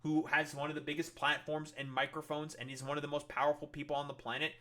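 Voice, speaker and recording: A man's voice: on the high side, level tone, fast, pushed and bright. Profane, heated male streamer ranting. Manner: heated, swears constantly, sarcastic. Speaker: streamer reacting to a debate.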